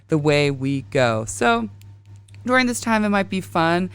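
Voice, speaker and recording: A woman's voice: on the low side, sing-song, a little slow, smooth, no echo. A woman in her thirties hosting a casual astrology podcast, rambling and confessional as she tells stories. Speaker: podcast host.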